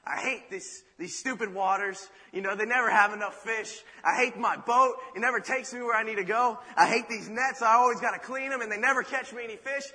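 Man playing an exasperated fisherman, bright strained voice, loud complaints, long hall reverb. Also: sits high, a little fast, hardly any pauses. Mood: grumbling. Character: frustrated tired male fisherman, grumbling.

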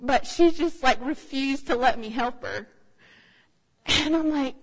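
A woman's voice: high voice, a little slow, long pauses, a little hiss or hum. A woman giving a sermon in a conversational, anecdotal way, with frequent fillers. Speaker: speaker. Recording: long hall reverb.

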